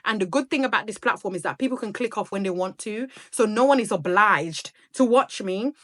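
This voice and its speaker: A woman's voice: mid-range voice, brisk, a bit bright. A talkative woman in her thirties from Sierra Leone, chatting casually and rambling to her viewers in a vlog. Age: 30s. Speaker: vlogger. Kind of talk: casual chat to camera.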